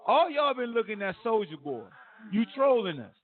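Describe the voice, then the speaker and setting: A man hosting a podcast, ranting about sports in casual slang with lots of animated trash talk. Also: extremely high pitch, normal speed. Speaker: podcast host. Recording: phone-like narrow audio.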